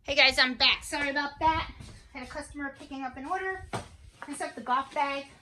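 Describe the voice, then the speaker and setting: A woman's voice: sits high, brisk, pushed and bright. A woman hosting a casual crafting how-to vlog from her home craft room, chatting to viewers and often checking in with an "okay?". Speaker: crafting channel host. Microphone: camera on a tripod. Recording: echoey room, faint noise.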